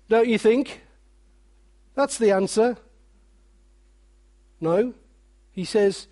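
A man preaching a sermon, animated, with joking asides and quiet, weighty drops. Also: high-pitched, slow, pauses often.

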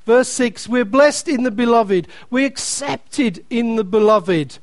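A man's voice: very high voice, slow, no echo. A man preaching a sermon, emphatic and repeating key phrases, reading scripture aloud with playful asides to the congregation.

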